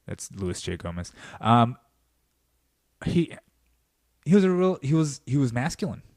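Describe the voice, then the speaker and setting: A man hosting a podcast in a comedic monologue, riffing in an animated, profane way and dropping into mock voices. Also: medium pitch, a little slow, no echo, studio quality. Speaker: podcast host. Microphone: podcast mic.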